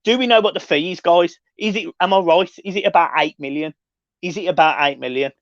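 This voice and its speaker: A man hosting a casual live stream, reading and answering chat with sweary, excitable banter. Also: high-pitched, brisk, dry recording. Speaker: livestream host reading chat. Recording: dull lo-fi dry sound.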